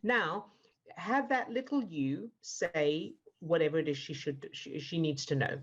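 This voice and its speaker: A woman coach speaks in a lowish voice, calm and encouraging as she guides someone through an exercise one step at a time. Her words reach the listener over a muffled, dull video call line. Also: measured pace, breathy edge. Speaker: emotional fitness coach. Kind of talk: live online coaching session.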